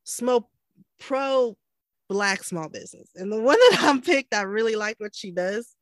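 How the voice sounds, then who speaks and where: A woman in her thirties co-hosts a podcast, chatting casually, laughing often, and acting out quotes. Her voice is on the high side and expressive, her pace measured, and the recording dry.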